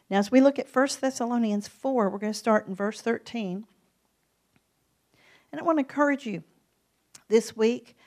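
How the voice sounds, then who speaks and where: A woman preaching with emphasis, slowing down to read verses aloud. She keeps asking her listeners rhetorical questions as she teaches. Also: mid-range voice, a little mellow. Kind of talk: sermon teaching on scripture.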